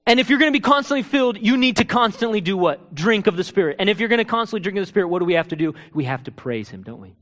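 A male pastor preaching a sermon, asking rhetorical questions and swinging between hushed, intimate moments and loud, urgent ones. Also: sits high, expressive, rapid-fire, few pauses.

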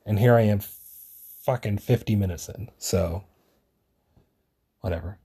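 A man's voice: lowish voice, unhurried, mellow, husky. A man hosting a solo podcast, rambling casually and swearing a lot, with self-deprecating asides.

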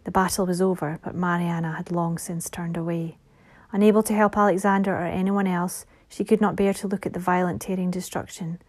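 A woman reads a fantasy novel aloud in a soft, measured voice. Her tone is mellow and rather dark. At times she drops into a hushed whisper. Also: fairly low pitch, steady tone. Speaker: audiobook narrator. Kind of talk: scripted fantasy narration.

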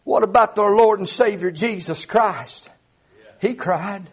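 A middle-aged man, preaching a sermon with fervor, many "uh" fillers and shouted peaks. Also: sits high, measured pace, slightly rough.

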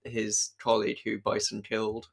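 A man with a gravelly, creaky voice talks in relaxed podcast chat. He often stops and restarts his sentences. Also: on the low side, moderate pace. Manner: hesitant, with many restarts and fillers. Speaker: podcast co-host. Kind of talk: casual chat.

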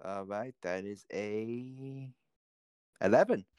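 Smooth-voiced man playing a tabletop game. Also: fairly low pitch, slow pace, a little mellow. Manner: joking, playful banter. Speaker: player. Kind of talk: casual tabletop game play.

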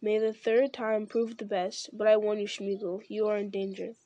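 A woman's voice: mid-range voice, level tone, moderate pace, mellow, no echo, muffled recording, close to an everyday voice. A woman voicing a stern young male hero in an audiobook reading, speaking firmly and emphatically.

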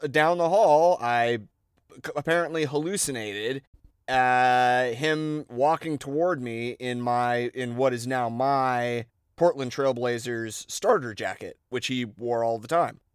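A man's voice: medium pitch, clean tone, no room sound, studio quality. A man co-hosting a podcast, chatting casually and riffing off his partner's jokes. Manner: quick riffing banter. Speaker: podcast co-host. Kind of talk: casual chat.

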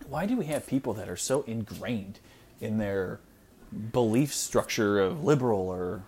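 Animated, blunt ranting man in his thirties. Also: mid-range voice. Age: 30s. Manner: blunt, exasperated ranting with frequent "like" fillers. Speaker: podcast host. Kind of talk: solo ranting podcast. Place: at home with small children nearby.

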